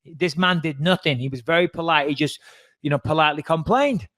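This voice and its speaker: He's a podcast co-host whose slightly high voice moves fairly quickly as he tells a loose, lively story, swearing often and imitating the people he quotes. No echo is heard.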